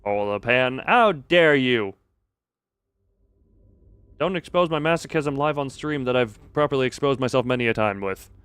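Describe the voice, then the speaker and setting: A man rambles through a casual game stream, cracking jokes and chatting with viewers. His voice sits at an ordinary middle pitch. The sound is dry and close, with no room around it. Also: brisk, hardly any pauses, fairly bright tone, clear, resonant tone, no room sound. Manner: jokey and rambling, with playful repeated bits. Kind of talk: casual live-stream chat and reading game dialogue aloud.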